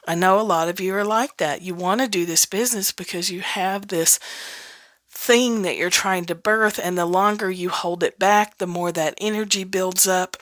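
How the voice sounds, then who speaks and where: A woman's voice: mid-range voice, a bit bright, no room sound, studio quality. A woman hosting a casual solo podcast, talking bluntly and frankly, often laughing and swearing freely. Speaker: podcast host, business coach.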